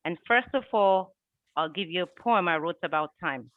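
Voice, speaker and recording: A speaker acting as timer at an online club meeting, reciting a poem in a measured way and explaining the timing. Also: medium pitch, lively intonation, dry recording. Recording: tinny phone-like line.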